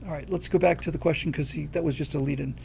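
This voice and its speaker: A man's voice: on the high side, steady tone, fast talker, gravelly, darkish tone, a little hiss or hum. An older man from the United States hosting a livestream, talking bluntly and emphatically, reading out and thanking viewer donations. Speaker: livestream host. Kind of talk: casual opinionated livestream talk.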